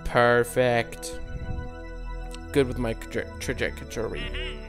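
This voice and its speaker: A man's voice: medium pitch, expressive, unhurried, creaky. A man hosting a casual gameplay commentary, rambling and self-mocking as he fumbles along and mutters sound effects to himself. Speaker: gaming channel host. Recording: music playing under the voice.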